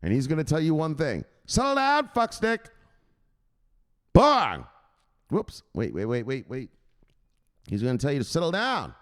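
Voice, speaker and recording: A man hosting a crypto news livestream, chatting with viewers in a loud, profane, excitable way. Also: mid-range voice, brisk. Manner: profane, excitable, shouting "bang!" often.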